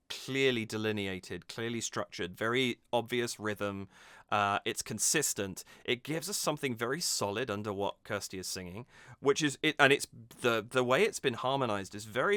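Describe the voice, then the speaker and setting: A music reaction host casually analyzes a song's craft, relaxed and thoughtful, pausing and restarting sentences as he thinks things through. His medium-pitched voice is bright and smooth, recorded dry and close with no echo or room sound.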